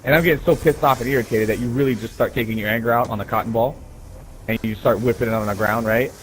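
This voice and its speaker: A man's voice: on the low side, fairly even intonation, fast, a little hiss or hum, low-quality recording. A man casually telling profane, rambling stories while gaming, often tossing in "right?". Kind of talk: casual storytelling.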